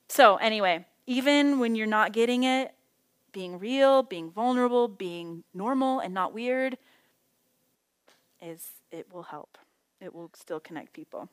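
A middle-aged woman teaching a Bible study in a casual, conversational way, telling stories with lively acted-out quotes. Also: medium pitch, normal speed, clean tone.

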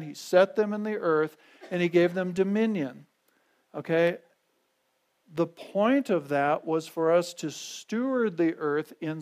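A man's voice: high voice, darkish tone. A man teaching a Bible study sermon in a conversational way, repeating key phrases and checking in with the congregation.

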